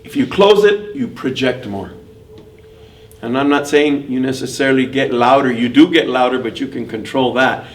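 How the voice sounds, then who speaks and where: A man's voice: medium pitch, moderate pace. Older man teaching vocal projection. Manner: demonstrative, switches between nasal and clear tones to show technique. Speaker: mariachi vocal instructor. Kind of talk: vocal workshop demonstration. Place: school room during workshop. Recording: distant mic with faint room noise.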